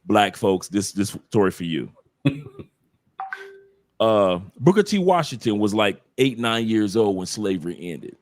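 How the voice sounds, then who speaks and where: A man's voice: fairly low pitch, animated, unhurried, a little mellow, no echo. A man from the United States, a podcast guest talking casually and emphatically, lecturing the audience directly.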